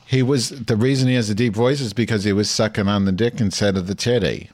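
A man's voice: lowish voice, fast talker. A man hosting a comedy show, telling rambling, crude stories in casual chat. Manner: rambling, crude and deadpan, with frequent fillers. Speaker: host.

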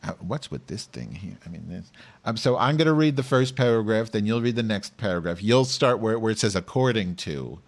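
A man's voice: on the low side, lively intonation, fairly quick. A man in comedic call banter, crudely swearing and bossing his partner while playing a mock news anchor. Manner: crude, bossy, profane joking.

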